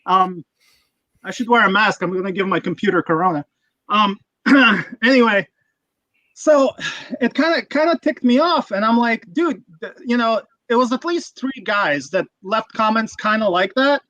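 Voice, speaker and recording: Male streamer, crisp bright tone, dry mic, foul-mouthed and rambling. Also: sits high, moderate pace, no room sound, lo-fi sound. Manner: profane, ranting, rambling. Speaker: livestream host. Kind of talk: casual livestream chat.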